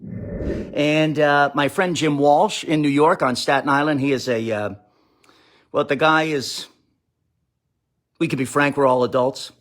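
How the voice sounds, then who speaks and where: A man's voice: on the high side, steady tone, measured pace, pauses often. A middle-aged man delivering a sarcastic, rambling comic monologue on a live stream, reading out viewer comments and mocking quotes. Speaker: comedian streaming live to followers. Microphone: phone or webcam live stream.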